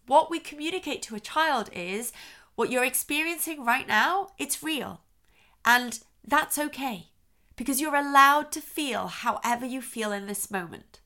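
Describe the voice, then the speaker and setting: A woman's voice: on the high side, bright, forceful tone. A middle-aged woman and parenting expert giving earnest, reassuring advice straight to the listener, often checking in with "okay?". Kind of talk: direct-to-camera advice talk.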